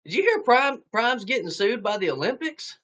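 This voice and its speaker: Talking casually as a guest about the archery shop he runs, a Southern-accented man in his thirties from northeast Georgia keeps things easygoing, with laid-back humor. His voice is very high-pitched and sing-song, fairly bright, at a moderate pace. The sound is lo-fi.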